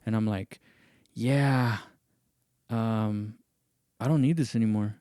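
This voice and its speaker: A man in casual podcast chat with a mellow, warm tone, recorded close and dry. He tells his story animatedly, jumping up high whenever he mimics other people's lines. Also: takes it slowly, no echo. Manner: animated, acts out others' lines in raised voices. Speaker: podcast host.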